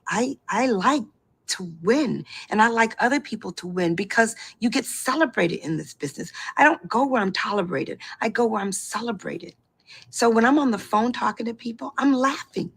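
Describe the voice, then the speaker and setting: A woman from the Boston area shares her own experience as a beauty consultant in a lively, personal testimonial, now and then bursting out with excitement. Her voice sits at a medium pitch with a slightly rough edge.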